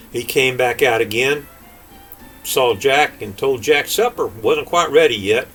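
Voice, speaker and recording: An older grandfather reading a folk tale aloud in an unhurried, folksy way. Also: medium pitch, a bit bright, faint music behind, low-quality recording. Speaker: storyteller.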